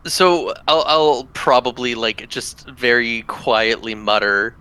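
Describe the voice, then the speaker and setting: A man with a bright, mid-pitched voice chats casually at a tabletop game. He trades quick quips and short reactions. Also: clean tone, poor audio. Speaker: player.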